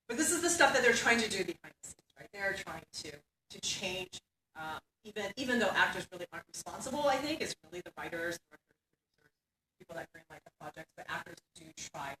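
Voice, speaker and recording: A woman's voice: medium pitch, lively intonation, fast talker, a bit bright, slight background noise. A woman giving a conference keynote lecture in a conversational way, often laughing and tagging her points with "right?". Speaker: keynote speaker. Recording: echoey hall from far off.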